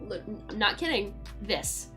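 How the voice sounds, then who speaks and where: Loud, excitable woman streamer. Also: mid-range voice, unhurried, over music. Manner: loud and excitable, swears casually; coos in baby talk to her cat. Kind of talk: casual live-stream chat. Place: at home in a chair by a window.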